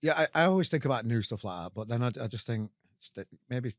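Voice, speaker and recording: A man's voice: mid-range voice, lively intonation, fast, no echo, clean studio sound. A man who is a guest on a podcast, chatting casually and rambling a little, with a self-deprecating manner.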